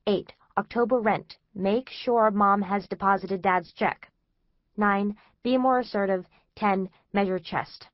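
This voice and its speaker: A woman's voice: mid-range voice, steady tone, a little slow, dry recording, lo-fi sound. Woman narrating a chatty teen diary. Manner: chatty, anxious, exasperated. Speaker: audiobook narrator. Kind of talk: first-person diary narration of a teen girl.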